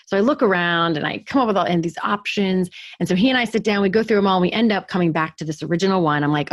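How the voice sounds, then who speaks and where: A woman's voice: lowish voice, very fast, hardly any pauses, dry recording, highs cut off. A woman co-hosting a podcast, telling a story in casual chat with lots of filler words. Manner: chatty storytelling with many "like" fillers. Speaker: podcast co-host.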